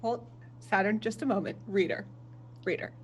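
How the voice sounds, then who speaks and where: A woman's voice: mid-range voice, steady tone, normal speed, a little hiss or hum. A woman player talking in character, playful and coaxing. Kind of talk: in-character game talk.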